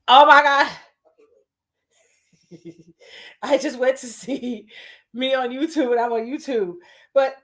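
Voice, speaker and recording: A woman hosting her first livestream from home, talking in an excited, nervous and giggly way with lots of exclamations. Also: high voice, measured pace, long pauses. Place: home in Paris.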